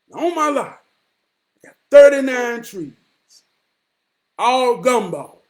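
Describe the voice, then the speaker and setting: A man in his forties giving an impassioned, profane motivational monologue, dropping to hushed murmurs and then rising to shouts. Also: very high-pitched, sing-song, a little slow, long pauses. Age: 40s. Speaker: motivational vlogger.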